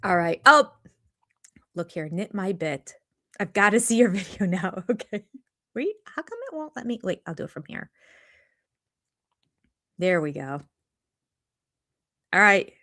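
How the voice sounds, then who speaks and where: With a sharp, expressive, medium-pitched voice, an older woman leads a live chat reviewing a reality show from a room at home. She hosts the channel at a measured pace, pausing often as she rambles between topics.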